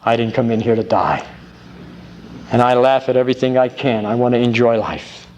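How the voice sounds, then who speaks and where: A man's voice: mid-range voice, moderate pace, low-quality recording. Grateful older-sounding man telling a folksy story. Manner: folksy, grateful, tells jokes with rising excitement. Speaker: speaker at a recovery convention. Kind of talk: recovery meeting talk with storytelling. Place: large convention hall. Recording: old tape with faint hiss.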